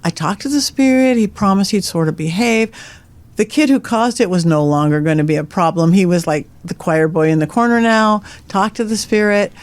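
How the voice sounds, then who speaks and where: Here a middle-aged woman guests on a podcast as a psychic medium, telling lively ghost stories and laughing at her own lines. Her voice is mid-range and her speed normal.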